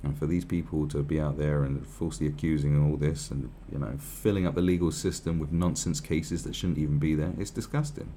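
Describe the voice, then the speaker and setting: A man's voice: a bass voice, steady tone, brisk, hardly any pauses, dark tone, a little hiss or hum. A man giving profane, rambling, sarcastic commentary on a news article.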